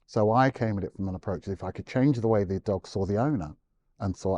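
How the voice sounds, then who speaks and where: A man's voice: fairly low pitch, fast talker. A man, a guest animal behaviourist, explaining in an interview and acting out quoted owners and dogs. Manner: animated storyteller, acts out quotes.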